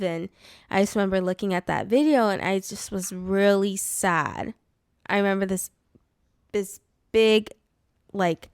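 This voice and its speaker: A woman's voice: medium pitch, a little mellow, clean tone, no room sound, studio quality. A woman co-hosting a podcast, telling a personal story in a rambling, casual way, full of "like" and laughter. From California. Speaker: podcast co-host. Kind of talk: casual chat.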